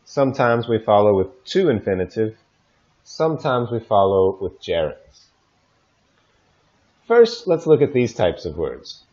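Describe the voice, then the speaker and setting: A man walks learners through pronunciation drills at a slow, careful pace, his fairly low voice rising and falling expressively. He speaks into a desk microphone, and the recording sounds a little dull and lo-fi. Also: very animated, darkish tone. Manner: slow, deliberate modeling of example phrases. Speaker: English teacher. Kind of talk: pronunciation lesson. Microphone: desk microphone recorded in audio software.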